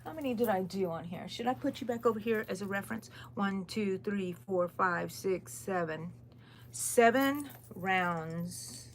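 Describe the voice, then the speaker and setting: Animated but a little slow, with a medium pitch, a woman with a Texan accent crochets on her live stream and rambles casually over viewer comments. She's tired and yawning, and there's a slight hiss or hum on the audio.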